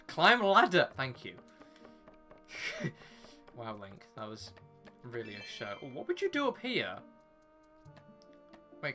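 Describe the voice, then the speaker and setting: A young man streams a game and chats with his viewers in a loose, rambling way, with a bright, forward voice at an ordinary pitch. He sounds a little sniffly from a runny nose. Faint game music plays behind him. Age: young adult. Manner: chatty, rambling, talks to chat and game character. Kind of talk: casual live-stream chat.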